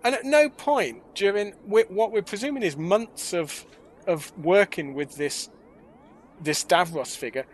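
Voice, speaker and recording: A podcast co-host chats casually, joking around, mocking, and slipping into little put-on voices. His voice sits high and is expressive, unhurried in pace, with slight background noise.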